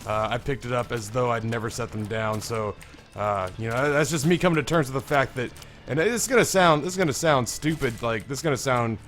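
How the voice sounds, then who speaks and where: This is a young man with a hoarse, strained voice, commentating on his own gameplay as a let's play host. He rambles candidly and swears casually, sitting at an ordinary middle pitch. A little music plays quietly behind him. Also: brisk. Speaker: gaming video host.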